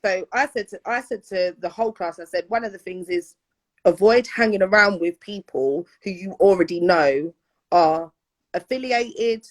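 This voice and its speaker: A woman's voice: mid-range voice, normal speed. A woman, a peer educator telling frank stories in a casual discussion. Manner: frank, storytelling.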